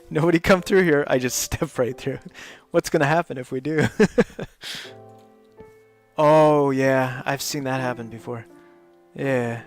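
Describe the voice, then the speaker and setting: A man's voice: mid-range voice, fairly even intonation, measured pace, faint music behind. A man chatting casually while streaming a building game, laughing often and filling his talk with lots of ums. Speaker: live gaming streamer.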